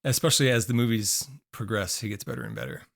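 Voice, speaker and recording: A man's voice: lowish voice, very animated, fast talker, vocal fry, a bit bright. A man co-hosting a podcast in casual chat, rambling with fillers while losing his voice. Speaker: podcast co-host.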